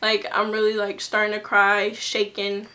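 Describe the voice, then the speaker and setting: A woman's voice: mid-range voice, completely flat delivery, normal speed, bright, forceful tone. A young woman telling a personal story to her camera in a casual, chatty way, full of fillers and restarts. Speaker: vlogger.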